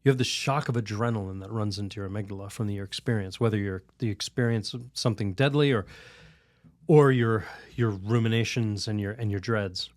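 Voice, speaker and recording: A man, a priest on a podcast, telling a story and teaching in a lively, rambling way. He laughs often and restarts his sentences. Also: on the low side, fairly quick, no echo, studio quality. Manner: animated, laughs while telling stories; rambling restarts, many "you know"s. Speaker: Catholic priest, podcast guest.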